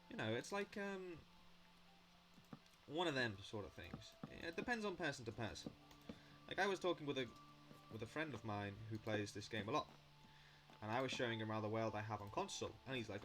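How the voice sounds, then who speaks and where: A young man vlogs while building in Minecraft, rambling through a casual monologue in a medium-pitched, fairly bright voice. He's blunt and chatty and swears now and then.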